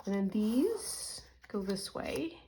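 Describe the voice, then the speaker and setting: A middle-aged woman from Canada talks casually and at length, drifting into side stories and restarting her sentences. Her pitch sits at an ordinary middle height for a woman. She sounds relaxed and conversational, as if she is talking to viewers while working on her journal. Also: takes it slowly, background noise. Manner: rambling, chatty, with asides and restarts. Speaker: crafting vlogger. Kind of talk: casual storytelling while crafting.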